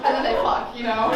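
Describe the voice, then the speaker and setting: A young woman doing a stand-up comedy set, telling stories in a sarcastic, playful way. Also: sits high. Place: campus forum room with audience. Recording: echoey room from far off. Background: audience laughter.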